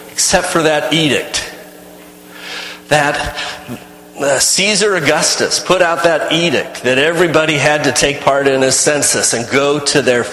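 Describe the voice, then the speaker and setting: A man's voice: mid-range voice, bright, forceful tone, a little hiss or hum. Folksy man telling a tale in an echoey hall. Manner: rambling, folksy, with many restarts. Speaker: storyteller. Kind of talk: first-person character storytelling.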